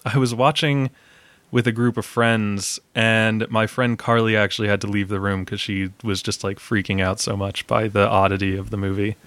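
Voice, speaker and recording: A man's voice: fairly low pitch, little pitch movement, normal speed, fairly bright tone, no echo. Young man hosting a film podcast. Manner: chatty, self-mocking, laughs often. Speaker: podcast host. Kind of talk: casual film podcast chat.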